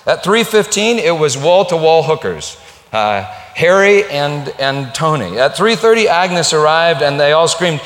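A male pastor telling a story in a sermon, animated and acting out the dialogue. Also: medium pitch, moderate pace. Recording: long reverb in a large hall.

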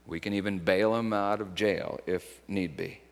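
A man's voice: fairly low pitch, fairly even intonation, normal speed, big-room sound. A man preaching a conversational sermon in an earnest, personal storytelling manner.

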